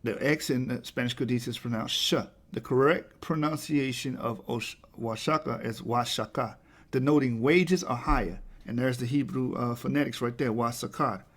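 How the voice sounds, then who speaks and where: A man's voice: mid-range voice, moderate pace, few pauses. A man talking through a slide presentation, emphatic and often asking "right?" to the listener.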